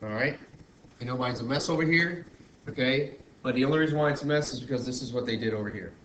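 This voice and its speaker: A man's voice: medium pitch, fast, a bit bright, muffled recording. Man talking through a math lesson. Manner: talks through steps while working, many restarts and self-corrections. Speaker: math teacher. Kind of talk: screen-recorded math lesson. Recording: roomy echo, faint background noise.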